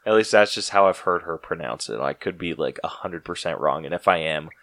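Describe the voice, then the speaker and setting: A man hosting a casual podcast chat, excitable and full of "like" fillers. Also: low-pitched, a little fast, gravelly, no room sound. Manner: excitable, heavy use of "like" fillers. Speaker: podcast host.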